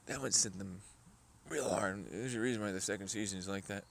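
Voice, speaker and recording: A man's voice: lowish voice, brisk, creaky, fairly bright tone, slight background noise. A man rambling profanely to himself, talking back to imagined voices in a casual vlog. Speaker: vlogger.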